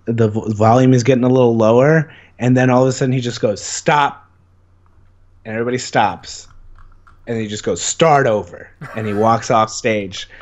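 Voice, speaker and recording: A man's voice: medium pitch, fairly even intonation, fairly quick, a little mellow, dull audio. A young man as an interview guest, telling stories in a rambling, eager way, full of fillers. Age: young adult. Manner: rambling, many "like" fillers, enthusiastic storytelling. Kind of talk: casual conversation.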